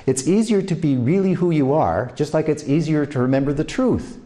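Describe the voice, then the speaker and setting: A man's voice: a little high, a little fast, dark tone. An older man with a New York accent giving a motivational talk, telling anecdotes and acting out the voices of the people in them. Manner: anecdotal, acts out quoted voices. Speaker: speaker giving career advice.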